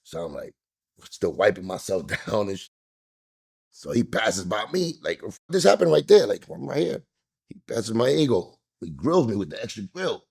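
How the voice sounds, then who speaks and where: A husky, fairly low-voiced man tells a story in a sit-down interview. His pitch swings widely as he acts out the voices of the people in it, jumping high and loud for the quotes. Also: sing-song, moderate pace. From New York. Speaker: interview guest. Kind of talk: animated storytelling.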